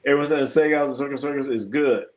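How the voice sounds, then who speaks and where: A man hosting a live sports stream, chatting casually and telling profane stories, laughing often and acting out the voices of people he quotes. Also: medium pitch. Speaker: live sports show host.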